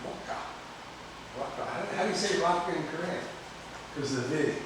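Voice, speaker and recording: A man's voice: a little high, brisk. A man teaching a class, rambling, repeating words and quizzing his students. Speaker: cooking instructor. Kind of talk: classroom lecture. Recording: echoey room, distant mic, faint noise.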